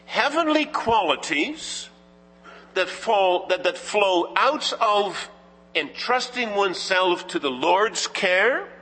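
Slow, husky male pastor preaching. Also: sits high, expressive, sharp tone. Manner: measured, emphatic preaching with rhetorical questions. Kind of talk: sermon. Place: church sanctuary. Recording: reverberant church hall.

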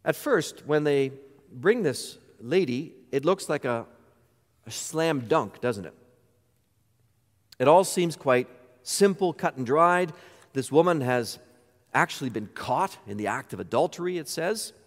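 A man's voice: fairly high pitch, expressive, unhurried, pauses often, in a large hall. A man pastor delivering a sermon, emphatic and full of rhetorical questions.

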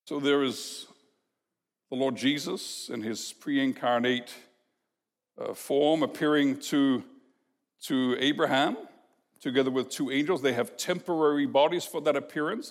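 A man preaching an expository sermon as a pastor, teaching in an emphatic, measured way and posing rhetorical questions to the congregation. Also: mid-range voice. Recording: long reverb of a large hall.

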